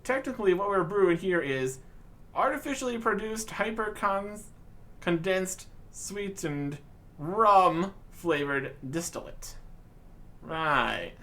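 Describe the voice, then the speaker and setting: A man's voice: sits high, expressive, takes it slowly, sharp tone, full character voice. A man voicing a rambling male pirate who brews rum in a fantasy game, spinning yarns in old-fashioned pirate talk. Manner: storytelling pirate talk, says 'tis and lad.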